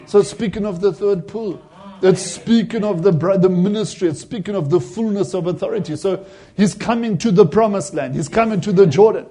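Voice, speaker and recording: A man's voice: high-pitched, a little fast, mellow. A man preaching a sermon, retelling a vision and acting out the voices in it with rising emphasis.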